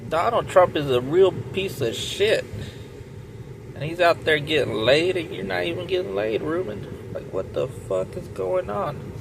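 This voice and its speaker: A man's voice: sits high, big pitch swings, measured pace, creaky. Profane rambling man over car noise. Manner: profane, rambling, retelling with loud swings. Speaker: comedian. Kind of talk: rambling comic monologue.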